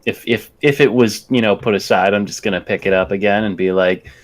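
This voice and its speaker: A man's voice: on the low side, fairly even intonation, a little fast. A man playing a tabletop role-playing game, chatting hesitantly and swearing casually. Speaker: player. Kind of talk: casual tabletop play chat.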